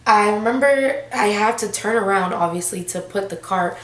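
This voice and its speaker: A woman's voice: medium pitch, moderate pace. Teen woman vlogger, 18, casual slangy storytime delivery, echoey room. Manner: casual, slangy, breathless retelling. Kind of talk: storytime vlog.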